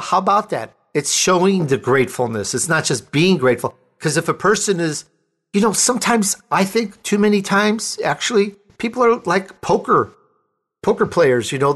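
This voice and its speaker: A male interview host talks with his guest in an effusive, upbeat way. His voice sits a little high. He praises often and speaks expansively. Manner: enthusiastic, effusive. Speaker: talk show host. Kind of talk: interview conversation.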